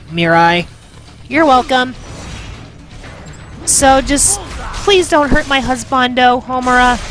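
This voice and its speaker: A woman with a high voice gives loud, playful commentary while playing a video game. She bickers and jokes as she goes, with faint music under her. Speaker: let's play host. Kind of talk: gaming commentary.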